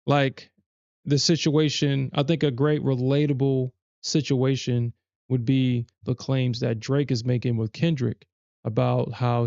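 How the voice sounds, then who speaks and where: A man's voice: mid-range voice, gravelly, a little mellow, dry recording, highs cut off. A man hosting a trading livestream, chatting casually in a rambling way with many restarts and self-corrections. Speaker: livestream trader host.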